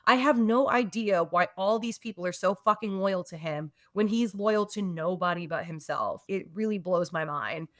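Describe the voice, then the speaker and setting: A woman's voice: on the low side, expressive, moderate pace, few pauses, no room sound, clean studio sound. A woman co-hosting a podcast, ranting about a book in casual chat with lots of swearing. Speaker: podcast co-host.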